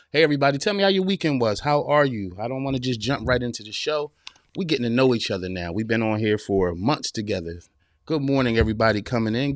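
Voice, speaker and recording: A man's voice: on the low side, no echo, studio quality. A man in his forties hosting a live-streamed motivational podcast, talking straight to his listeners in a casual, preachy way, repeating his points and calling them y'all and man. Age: 40s. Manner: preachy, direct address with repetition. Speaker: podcast host.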